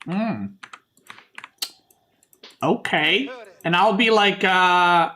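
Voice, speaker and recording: High-voiced streamer man, joking. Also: extremely slow, sharp tone. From Serbia. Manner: joking, bickering with chat, swears. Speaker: streamer casting a tournament. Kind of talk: casual stream commentary.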